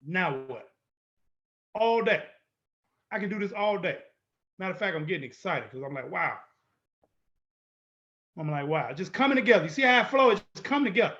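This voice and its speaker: A man with a high, pushed, bright voice teaches a lecture-style video walkthrough, animated and a little fast but with long pauses. As the instructor he repeats his points boldly and confrontationally, and the sound is lo-fi.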